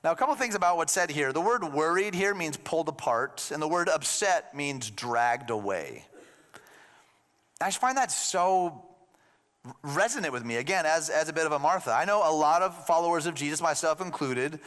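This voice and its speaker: A man with a fairly high voice preaches a sermon in a relaxed, conversational way, slipping in wry jokes. His voice rings out with a long reverb from a church hall. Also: moderate pace. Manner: conversational, with joking asides. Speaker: pastor.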